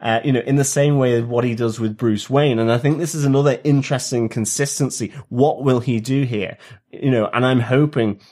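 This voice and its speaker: A man's voice: medium pitch, steady tone, brisk, warm tone. A man co-hosting a TV review podcast, talking casually and hesitantly, with many fillers and restarts. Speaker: podcast co-host.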